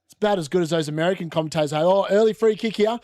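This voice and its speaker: A man's voice: high-pitched, very fast, mellow, no room sound, studio quality. A young man hosting a casual live football watchalong from a room at home, chatting and rambling as he reacts to the match. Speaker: watchalong host.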